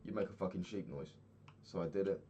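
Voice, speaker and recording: A young man talks through his day in a loose, rambling video diary. He swears freely and laughs often. His voice sits very low, with faint typing and a slight hiss under it. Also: a little fast, dark tone, dull audio. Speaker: vlogger. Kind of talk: casual video-diary chat while gaming.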